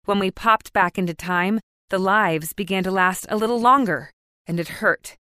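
A woman's voice: medium pitch, moderate pace, bright, forceful tone, clean tone. A woman narrating an audiobook in the first person with emotive, intense storytelling, recorded on a close studio mic. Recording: dry, no room echo.

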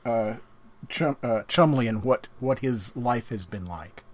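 Lively, playful male podcast host. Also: medium pitch, a little slow. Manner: lively, laughs easily, playful self-mocking. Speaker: podcast co-host interviewing an author. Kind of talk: casual chat.

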